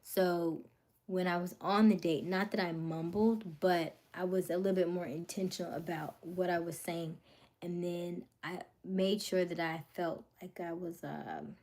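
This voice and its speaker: Young woman, livestream host, slightly low pitch, loose chatty delivery that keeps slipping into whispers. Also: steady tone, a little slow, a little mellow. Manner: rambling, many fillers, drops to whispers and back. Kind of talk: casual livestream chat.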